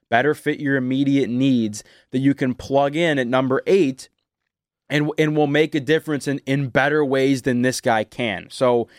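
A man's voice: mid-range voice, no room sound. Easygoing young man, dry studio mic. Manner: laughs easily, agreeable. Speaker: co-host. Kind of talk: casual sports chat.

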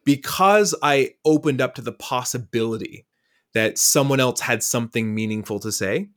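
A man speaking as a podcast guest, telling stories in a lively conversational way and acting out the dialogue. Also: mid-range voice, normal speed. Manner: lively storyteller who acts out dialogue. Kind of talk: conversational storytelling.

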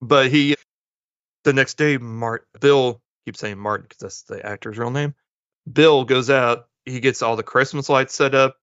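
A man's voice: medium pitch, steady tone, measured pace, fairly bright tone, no echo. A man co-hosting a podcast, casually retelling a movie plot and acting out the characters' lines in passing. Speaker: podcast co-host. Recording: dull lo-fi dry sound.

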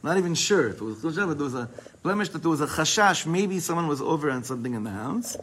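A man teaching a Torah class to a small group, quickly reading Hebrew passages and then explaining them in English in a lively way. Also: fairly high pitch, slight background noise, low-quality recording.

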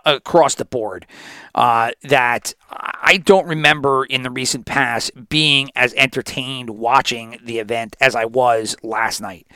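A man in his forties talks through a sports podcast alone, cursing freely and tripping over restarts. His voice is bright and swoops up and down. The recording is close and dry. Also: mid-range voice, no echo. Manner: profane, rambling, animated, with many restarts. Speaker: podcast host. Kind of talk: casual sports podcast monologue.

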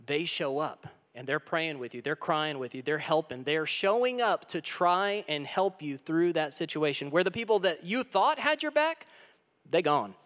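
A man preaching a sermon as a pastor, retelling a story dramatically with big swings in pitch and loudness. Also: in a large hall.

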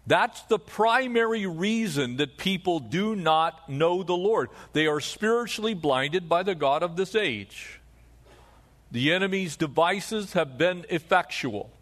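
A man pastor preaching a sermon, moving from emphatic rises to hushed, low drops. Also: lively intonation, unhurried.

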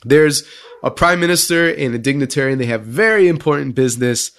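A man guesting on a podcast, telling an animated story in casual interview talk. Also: mid-range voice, brisk. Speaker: school leadership podcast guest.

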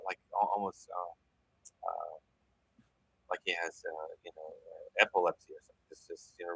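Earnest man with a bright, low voice. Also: breathy edge, low-quality recording. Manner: earnest, halting, many restarts. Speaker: guest. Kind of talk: telling a personal story in an interview.

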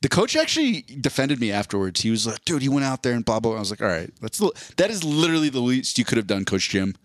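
With a sing-song, mid-range voice and a fast delivery, this man in his forties hosts a podcast and tells a lengthy story in a casual way. He rambles, curses, and keeps restarting amid fillers; the studio-quality recording has no room sound.

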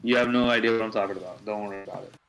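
A man's voice: fairly low pitch, fairly even intonation, rapid-fire, vocal fry, a bit bright, poor audio. Rambling, stammering man in casual banter. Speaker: co-host watching wrestling.

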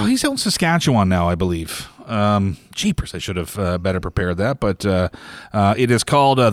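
A man's voice: lowish voice, no room sound, clean studio sound. A man hosting a casual sports podcast, telling rambling stories full of fillers and chuckles. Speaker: podcast host.

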